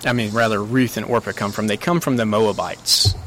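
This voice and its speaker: A man preaching a sermon in an earnest way, his pitch rising when he quotes scripture. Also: steady tone, brisk, fairly bright tone, a little hiss or hum, rough recording.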